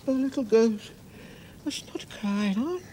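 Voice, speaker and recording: Old man playing a frantic young mother hushing her baby. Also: expressive, unhurried, a little hiss or hum. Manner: pleading, hushed then shrill.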